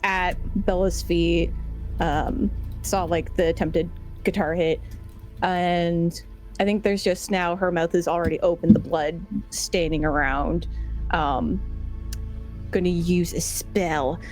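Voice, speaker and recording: A woman with a slightly low voice describes her character in a tabletop game, loose and casual, peppering her sentences with "like". Faint music sits underneath. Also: fairly even intonation, takes it slowly, a little mellow, low-quality recording. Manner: casual, many "like"s, laughs easily. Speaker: player.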